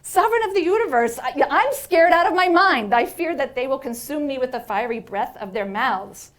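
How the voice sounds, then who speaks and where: A woman's voice: fairly high pitch, normal speed, natural voice. Woman playing a panicky, cheeky Moses. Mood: scared. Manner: pleading, then triumphant and cheeky. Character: frightened then bold man, Moses facing angels. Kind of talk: lecture with acted retelling.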